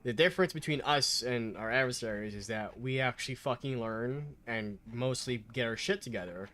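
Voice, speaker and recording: A man's voice: medium pitch, moderate pace, fairly bright tone. A man in casual chat, speaking bluntly with heavy swearing. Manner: blunt, profane.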